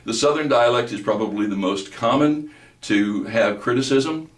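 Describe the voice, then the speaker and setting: A man teaching a speech class, talking deliberately and sounding words out slowly and precisely. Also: medium pitch. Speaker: speech instructor. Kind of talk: recorded lecture. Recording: echoey room, mic at a distance.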